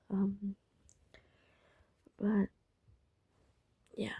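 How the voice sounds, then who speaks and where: A woman's voice: mid-range voice, steady tone, measured pace, vocal fry, long pauses, warm tone, breathy edge, dry recording. A woman vlogging casually at night from her bed, talking sleepily and often in a whisper. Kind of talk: casual late-night vlog. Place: bedroom, in bed under blankets.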